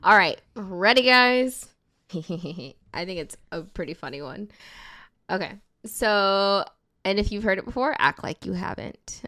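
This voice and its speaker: A woman's voice: mid-range voice, lively intonation, a little slow, bright, forceful tone, no echo, clean studio sound. A woman co-hosting a podcast in casual chat, telling jokes and laughing often. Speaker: podcast co-host.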